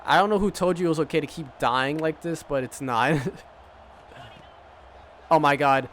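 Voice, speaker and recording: Excitable man calling his football game. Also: a little high, normal speed, pauses often, a little hiss or hum. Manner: excitable, swearing, play-by-play with trash talk. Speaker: gaming streamer. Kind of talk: casual game commentary.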